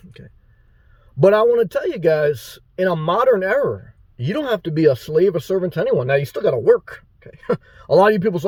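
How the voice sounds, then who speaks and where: Man, ranting vlog monologue, slightly high voice, dry close sound, blunt and crude. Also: very animated, a little fast, pauses often, a little mellow, no echo. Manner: blunt, profane, rambling. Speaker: motivational YouTuber.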